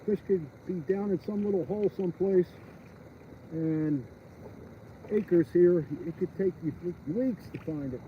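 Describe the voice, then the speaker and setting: A man's voice: high-pitched, unhurried. A man ice fishing outdoors, chatting and joking with his viewers on a live stream from his phone. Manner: chatty, rambling and jokey, talks to viewers. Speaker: fishing vlogger. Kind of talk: casual live-stream chat. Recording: dull lo-fi phone audio outdoors. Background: wind.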